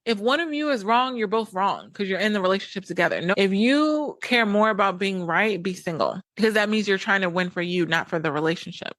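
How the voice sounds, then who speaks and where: A woman's voice: medium pitch, expressive, brisk, hardly any pauses, a bit bright, no room sound. A woman podcast host and coach giving direct relationship advice in a blunt, emphatic monologue, repeating points for weight.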